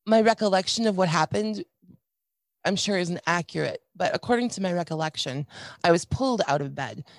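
Halting middle-aged woman telling her story. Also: on the low side, expressive, no echo. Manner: halting, with many restarts and dry wry asides. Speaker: guest sharing a personal story. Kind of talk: candid personal storytelling.

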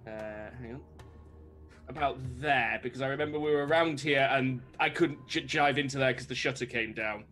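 A man's voice: medium pitch, normal speed, bright, forceful tone, soft background music. A man player in a tabletop game, laughing and explaining his plans. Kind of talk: tabletop game role-play.

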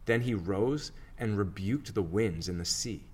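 A man reading scripture aloud for a church reading plan, in a steady, measured narration. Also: on the low side, husky. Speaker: scripture reader.

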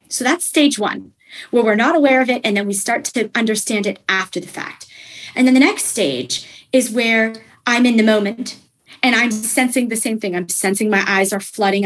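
Husky-voiced woman explaining earnestly. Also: fairly high pitch, rough recording. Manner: earnest, explanatory, with frequent fillers. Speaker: parenting coach. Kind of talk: conversational explanation in an interview.

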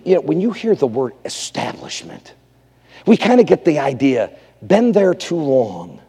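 A man preaching a revival sermon, swinging from loud exclamations down to hushed near-whispers. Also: mid-range voice, big-room sound.

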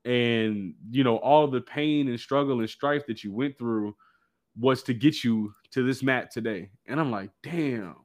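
A man telling a personal story in casual chat, animated and slangy. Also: medium pitch, unhurried. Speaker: guest.

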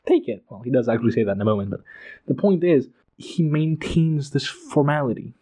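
A man's voice: medium pitch, lively intonation, a little fast, mellow. A man giving an emphatic, profane, passionate casual analysis of a book. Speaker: book commentator.

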